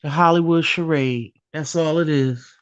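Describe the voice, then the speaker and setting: A woman joining a live stream by call, talking boxing in a measured, hesitant way with many fillers. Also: low voice, clear, resonant tone, no echo, lo-fi sound.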